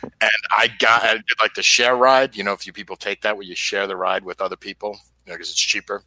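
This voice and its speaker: A man's voice: lowish voice, fairly even intonation, fast, pushed and bright, no echo, low-quality recording. A man appearing as a guest on a casual podcast, telling stories in a provocative, joking way. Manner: provocative, storytelling, laughs at own jokes.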